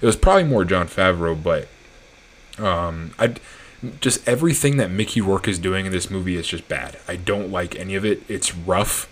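A man's voice: low voice, moderate pace, slight background noise. Rambling young man reviewing a movie. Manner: rambling, restarts often, laughs easily. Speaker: movie review podcast host.

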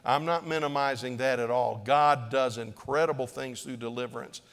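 A middle-aged man preaching to his congregation, his mid-pitched voice earnest and pleading. He circles back to his phrases again and again. The long reverb of the sanctuary trails after each line. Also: steady tone, normal speed, a bit bright. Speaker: pastor. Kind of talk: sermon. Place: church sanctuary.

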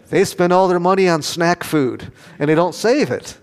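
A man's voice: sits high, expressive, measured pace, smooth. An older man preaching a sermon, telling homely family stories and asking the congregation questions. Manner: folksy storytelling, asks the congregation questions. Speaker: pastor. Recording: long reverb of a large hall.

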